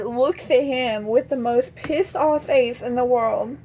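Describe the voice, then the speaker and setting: A woman's voice: a little high, takes it slowly, dark tone, a little hiss or hum, low-quality recording. A young woman vlogger telling a casual storytime, blunt and swearing freely as she acts out what everyone said.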